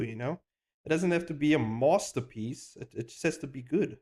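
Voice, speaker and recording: His voice sits on the high side and moves a little fast as he chats casually on a live stream while animating. He gets excited and hypes himself up, swearing openly and rambling with slang and false starts.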